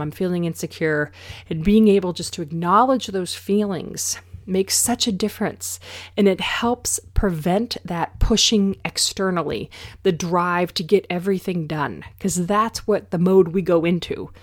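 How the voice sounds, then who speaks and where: A middle-aged woman hosting a solo podcast, talking in an encouraging, coaching way. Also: on the low side. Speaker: podcast host.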